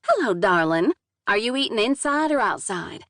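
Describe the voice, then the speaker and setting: A woman's voice: medium pitch, sing-song, normal speed, a bit bright, no room sound, studio quality, voice pushed up. A woman voicing a cheery middle-aged waitress with a folksy Southern US drawl who calls people sugar and honey. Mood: chirpy.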